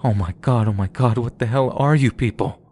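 A man's voice: on the low side, normal speed. A man voicing a frightened older man calling over a radio, his speech shaky and frantic. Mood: screaming terror. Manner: shaky, frantic, breaking with fear. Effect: radio static.

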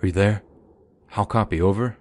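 A panicked older man crackles through a radio, voice low and shaking, fear breaking up every phrase. A narrator puts him on with a deep voice, in close dry sound. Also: moderate pace, no room sound. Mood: shaky urgency. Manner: shaky, frantic, breaking with fear. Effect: radio static.

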